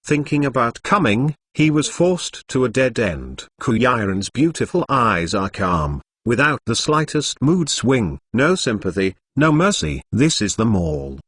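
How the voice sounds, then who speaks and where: A man's voice: medium pitch, very animated, measured pace, hardly any pauses, fairly bright tone, slightly rough, no echo. A man narrating a novel in a mechanical way, reading punctuation marks aloud. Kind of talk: scripted narration.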